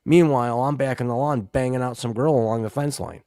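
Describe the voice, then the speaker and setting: A middle-aged man tells loud, profane stories in casual talk, playing every part in his tales himself. His voice is gravelly, and the recording sounds close and dry. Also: medium pitch, fairly quick, no echo. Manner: rowdy storyteller, swears freely, acts out quotes. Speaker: podcast co-host. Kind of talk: casual chat.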